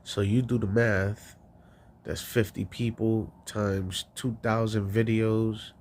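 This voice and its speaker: A man's voice: fairly low pitch, level tone, slow pace, a little mellow, slight background noise. A man hosting a call-in podcast, rambling and swearing with frequent laughs. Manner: rambling, profane, laughing often. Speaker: podcast host. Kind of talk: casual call-in show rant.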